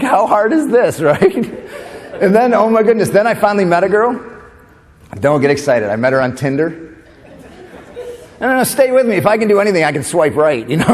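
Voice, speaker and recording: A man from New York doing a stand-up comedy keynote at a conference, animated, tossing in quick asides and laughing at his own jokes. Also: high-pitched. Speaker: comedian and motivational speaker. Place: conference hall stage. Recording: long hall reverb.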